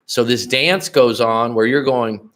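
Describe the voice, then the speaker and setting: This middle-aged man coaches on dating during a casual livestream, blunt and profane, rambling and restarting as he addresses chat viewers directly. His mid-range voice is a bit bright and a little slow, with slight background noise in the recording.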